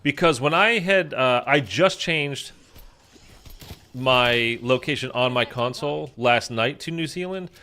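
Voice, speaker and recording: A man's voice: mid-range voice, a little slow, sharp tone, slight background noise. A man chatting casually while he plays a zombie shooter, rambling with lots of fillers. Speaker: gaming YouTuber. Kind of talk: casual gameplay commentary.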